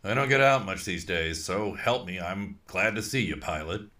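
A man voicing a folksy, wry male ghost who was once a dean, talking in a slow, dry drawl. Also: low voice, lively intonation, pushed and bright.

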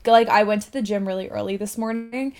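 A woman's voice: medium pitch, fairly even intonation, a little fast, a little mellow. A young adult woman co-hosting a podcast, chatting casually with lots of fillers and restarts. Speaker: podcast co-host. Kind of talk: casual chat.

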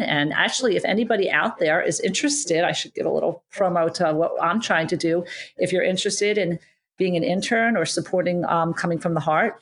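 A woman co-hosting a podcast, talking in earnest, reflective run-on thoughts in casual chat. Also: lowish voice. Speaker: podcast co-host.

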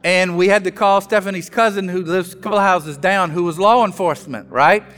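Pastor from south louisiana, very high voice, funny self-mocking storyteller, long hall echo with soft music under it. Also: male voice, a little fast. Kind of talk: sermon.

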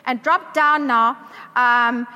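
A woman's voice: a little high, fairly even intonation, slow pace, bright, forceful tone, smooth, muffled recording. A woman preacher giving a sermon to a church congregation, emphatic, asking the congregation questions. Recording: long reverb of a large hall.

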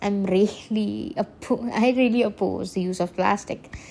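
A woman's voice: mid-range voice, steady tone, unhurried, gravelly, a little mellow, slight background noise. A woman hosting a solo podcast, rambling earnestly, often correcting herself and laughing. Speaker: podcast host. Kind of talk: casual solo podcast monologue.

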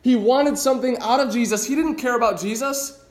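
Male pastor, high-pitched, casual and emphatic sermon delivery, stumbles and restarts often. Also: brisk, roomy sound. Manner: conversational, emphatic, frequent restarts.

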